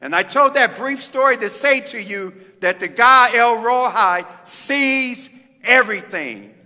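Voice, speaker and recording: A middle-aged man from the Midwest, a pastor delivering a fervent sermon with drawn-out phrases and pauses in a church sanctuary. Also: very high voice, expressive, bright, forceful tone. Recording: reverberant church hall.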